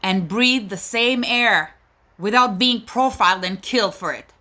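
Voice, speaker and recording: A woman's voice: medium pitch, unhurried, pushed and bright. A woman, a mother, giving an emotional monologue, pleading and indignant. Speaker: mother speaking out. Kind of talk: impassioned personal monologue.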